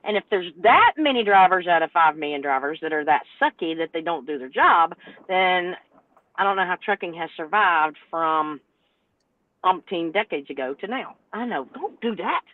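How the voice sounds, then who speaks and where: A woman, a truck driver telling an exasperated, animated story on a podcast panel. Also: lowish voice, moderate pace. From North Carolina, US. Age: 60s. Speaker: truck driver and owner operator, panel guest. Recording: tinny phone-like line, dry.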